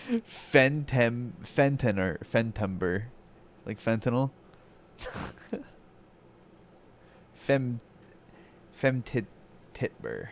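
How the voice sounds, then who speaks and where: A man's voice: medium pitch, very animated, very slow, long pauses, slight background noise. A man streaming and reacting in a casual chat, joking around, playing with words and laughing often. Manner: jokey, laughs often, trails into wordplay.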